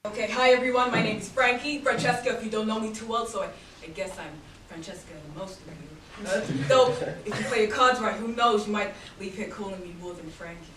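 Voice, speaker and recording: An actress playing the flirty, wisecracking elder of a group of housewives, teasing and flirtatious, filmed live from the audience. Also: female voice, mid-range voice, fast talker, natural voice. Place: small theater stage. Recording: echoey stage filmed from far off with loud noise.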